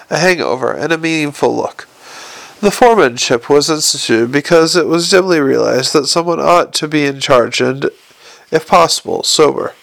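A man narrating an audiobook with a dry, wry delivery. His voice is slightly high with a gravelly texture, recorded close in a dead, dry booth. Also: fairly bright tone, no echo, poor audio.

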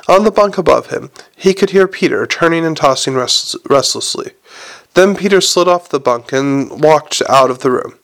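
A man reading a novel aloud in a plain, steady manner. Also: on the high side, vocal fry. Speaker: audiobook reader.

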